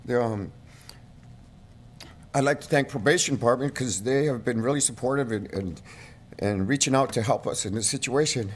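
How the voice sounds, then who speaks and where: A middle-aged man speaks at a podium mic during a county board meeting, pleading and emotional. His voice sits at an ordinary mid pitch and surges toward near shouting at its peaks. A faint low rumble hangs in the room behind him. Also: normal speed, long pauses. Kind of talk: emotional public comment. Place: council chamber.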